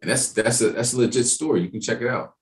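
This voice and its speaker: A man teaching an evening Bible class in a casual, streetwise way, talking in animated asides. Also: medium pitch, quick pace.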